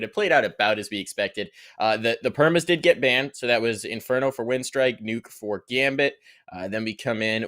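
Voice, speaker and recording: A man casting an esports match, giving energetic pre-match commentary that keeps building on his own phrases. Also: fairly low pitch. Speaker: esports caster.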